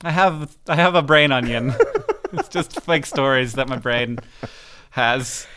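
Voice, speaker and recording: A middle-aged man co-hosting a podcast, joking deadpan in casual banter and rambling with many restarts while answering listener questions. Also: mid-range voice, a little slow, slight background noise. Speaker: podcast co-host.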